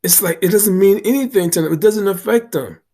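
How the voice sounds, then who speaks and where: A man's voice: high voice, fairly quick, dark tone. Earnest, emphatic man in his sixties. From Boston. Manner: earnest, emphatic, repeats for stress. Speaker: vlogger. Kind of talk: casual storytelling monologue.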